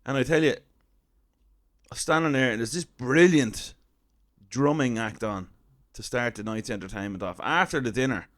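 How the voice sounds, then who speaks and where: Irish man, thirties, mid-pitched, wry self-deprecating comic storyteller. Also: normal speed, fairly bright tone. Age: 30s. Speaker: comedian storyteller.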